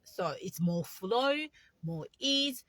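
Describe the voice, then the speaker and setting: Female meditation coach, bright dry voice, chatty and instructional, English. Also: medium pitch, lively intonation, slow pace, no echo. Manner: chatty, non-native English phrasing, guiding breaths. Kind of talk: casual instructional talk.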